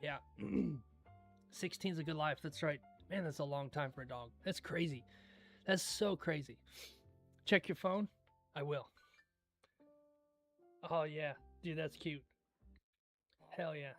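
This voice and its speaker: Relaxed high-voiced man chatting on a stream. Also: slow, pauses often, soft background music. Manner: laid-back, drifts into storytelling, clears throat often. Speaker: livestream host. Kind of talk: casual chat.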